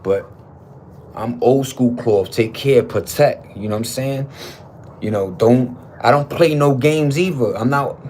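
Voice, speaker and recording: A man's voice: mid-range voice, a little slow, a little mellow, slight background noise, low-quality recording. Profane, ranting middle-aged man. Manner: profane, slangy, opinionated rant with many restarts. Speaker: vlogger. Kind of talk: casual talking-to-camera monologue.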